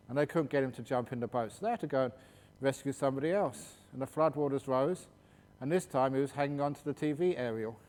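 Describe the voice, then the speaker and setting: A man, a meditation teacher, answering questions at a retreat in a jokey, animated storytelling manner. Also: medium pitch, fast talker. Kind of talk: retreat Q&A talk. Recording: reverberant hall.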